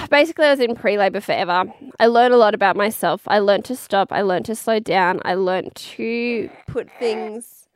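A woman's voice: mid-range voice, no echo, studio quality. A woman in her thirties with an Australian accent, telling a personal story in a frank, chatty way, swearing freely and laughing often.

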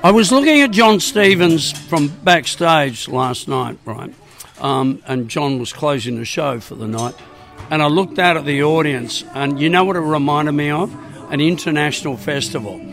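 A man's voice: a little high, animated, moderate pace, a bit bright, soft background music. An Australian man, a singer and festival emcee, telling tall tales outdoors. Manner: jokey, playful tall tales.

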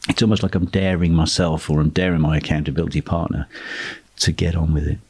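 A man talks through an instructional lesson on property investing, his voice sitting very low. There's a husky edge to his tone as he lays out points steadily and emphatically, circling back to repeat key phrases. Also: level tone, quick pace, darkish tone. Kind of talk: instructional monologue.

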